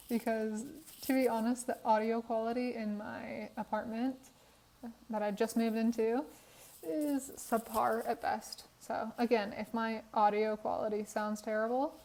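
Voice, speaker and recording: Young female creator, mellow and a touch high, tired, chatty voiceover recorded on a phone in an apartment. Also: poor audio. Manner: chatty, laughs often, tired. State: tired, worn voice. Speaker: Sims speed build creator. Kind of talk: casual voiceover chat. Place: apartment room.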